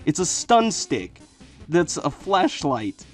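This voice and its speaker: Teen dude telling a wild story, cursing nonstop, quiet music in the background. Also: male voice, on the high side, slow pace. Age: teens. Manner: profane, animated, excitable retelling. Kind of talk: casual storytelling.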